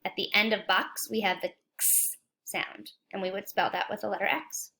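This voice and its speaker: A woman teaching a children's phonics lesson, speaking slowly and clearly, encouraging and asking young viewers questions. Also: medium pitch, steady tone, bright, forceful tone. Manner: slow, clear, encouraging, asks questions to kids.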